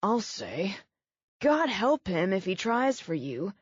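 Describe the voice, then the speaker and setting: Wry injured man, gruff and clipped, a woman reading him, dull dry audiobook sound. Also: mid-range voice, big pitch swings, slow, no room sound, exaggerated voice. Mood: wry, pained.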